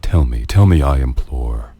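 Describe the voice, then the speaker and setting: Very deep-voiced man reading poetry dramatically. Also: animated, warm tone, breathy edge. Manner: theatrical, slow and brooding. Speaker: narrator. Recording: clip with faint music behind. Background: faint music.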